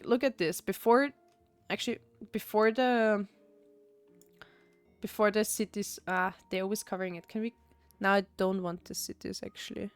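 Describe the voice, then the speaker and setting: A woman's voice: medium pitch, smooth, no echo. A young woman from Austria, chatting casually while streaming a game, rambling with many fillers and restarts. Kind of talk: casual gameplay chat.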